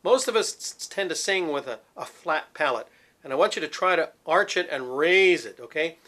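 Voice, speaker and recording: A man's voice: on the high side, expressive, normal speed, pushed and bright. A middle-aged man and former opera singer teaching vocal technique, explaining patiently and demonstrating with sung examples. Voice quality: resonant, focused head voice.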